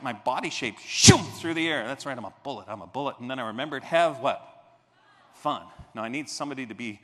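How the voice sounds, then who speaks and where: Animated male keynote speaker in a hall. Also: mid-range voice. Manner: animated storyteller, acting out scenes and shouting for effect. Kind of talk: motivational keynote speech. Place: large convention hall stage. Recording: reverberant convention hall.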